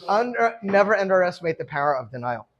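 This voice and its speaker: A middle-aged man telling stories from his own past in a casual, animated way, often laughing as he talks. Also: high voice, fast, highs cut off. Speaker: guest speaker telling his life story. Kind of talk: casual storytelling talk.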